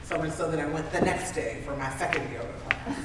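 Her deep voice moves fairly quickly as she gives a comic motivational keynote before a live audience, full of lively, self-mocking anecdotes and plenty of laughs. The large conference room sounds very echoey, with a distant mic and background noise.

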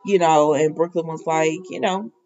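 A woman's voice: low-pitched, fairly even intonation, moderate pace, a little mellow. A woman chatting casually through a soap opera recap vlog, rambling and filling her talk with "you know" and "y'all". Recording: dull lo-fi recording.

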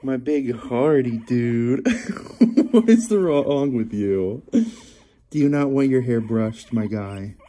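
Man, pet owner, cooing pet talk, chuckling, lively swooping pitch, slow pace. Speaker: guinea pig owner and channel host. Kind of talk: talking affectionately to a pet while brushing it.

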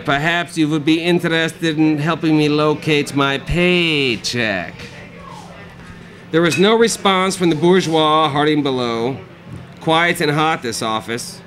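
A man reading his own dark comic prose aloud at a live cafe reading, with a dry, sardonic delivery. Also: a little high, poor audio.

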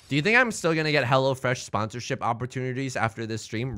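A young man casually bantering on a livestream while playing mahjong, rambling and joking, with loud high outbursts. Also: fast talker, hardly any pauses, faint music behind. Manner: rambling, jokey, bursts into loud high bits. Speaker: streamer playing online mahjong.

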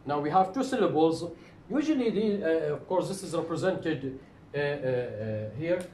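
A man giving a recorded phonetics lecture, slow and deliberate, repeating example words to model their pronunciation. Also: fairly high pitch, expressive, dark tone, slight background noise, low-quality recording.

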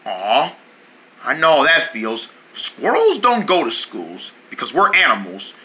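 A chatty, rambling heroic squirrel, a big-brother type, as a performer puts him on with a very bright, sharp tone. The voice swoops around a lot, lively and animated in a homemade toy story. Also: mid-range voice, measured pace, exaggerated voice. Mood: warm.

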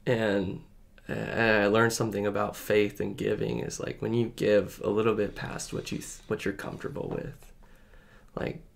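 A man's voice: on the low side, little pitch movement, moderate pace, gravelly. A man sharing a personal faith story in casual conversation, earnest and rambling, with lots of fillers. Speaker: podcast guest. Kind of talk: casual testimony chat.

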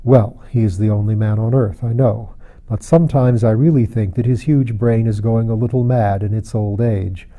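A man voicing a grave, melancholy male anarchist secretary who speaks with flat, lifeless civility. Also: fairly low pitch, moderate pace, lo-fi sound, close to an everyday voice. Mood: dead calm.

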